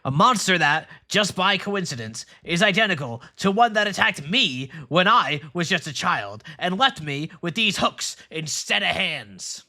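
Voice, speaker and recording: A man voicing a gruff, lonely male pirate hermit with hooks for hands, grumbling through a sad tale of his ruined business. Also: high-pitched, very animated, measured pace, few pauses, sharp tone, voice pushed up, heavily acted. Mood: mournful.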